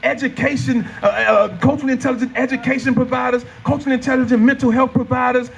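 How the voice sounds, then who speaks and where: A middle-aged man giving an impassioned outdoor rally speech, often shouting with a preacher-like cadence. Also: very high-pitched, steady tone, quick pace, vocal fry, hardly any pauses, faint music behind. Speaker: rally speaker.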